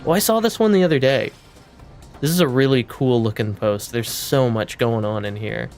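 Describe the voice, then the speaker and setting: A young man streaming a game, talking casually and excitedly, swearing freely. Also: mid-range voice, moderate pace, faint music behind. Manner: baby-talk to his cat. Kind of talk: casual live-stream commentary.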